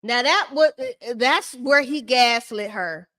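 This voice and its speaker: Sassy high-voiced woman ranting. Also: measured pace. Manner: sassy, shady, animated ranting. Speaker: reality TV recap host. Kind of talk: casual live-stream commentary.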